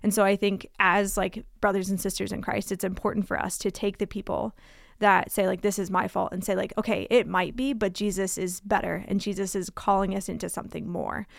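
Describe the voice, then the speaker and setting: A woman's voice: medium pitch, flat delivery, brisk, gravelly, no echo, clean studio sound. A woman talking through a Bible passage in a casual, conversational way, with frequent fillers. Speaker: Bible discussion speaker.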